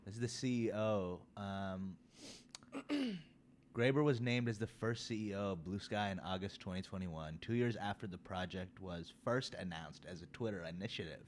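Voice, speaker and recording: A man co-hosting a podcast, talking in a measured, insistent way and reading facts aloud. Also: sits low, animated, slight background noise. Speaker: podcast co-host. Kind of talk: casual chat.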